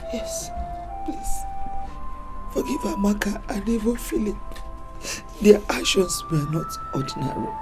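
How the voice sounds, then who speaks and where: A woman's voice: medium pitch, natural voice. A woman playing a tearful, remorseful mother with a Nigerian accent. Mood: pleading. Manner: tearful, pleading. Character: remorseful dying mother, pleading. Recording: loud film score behind.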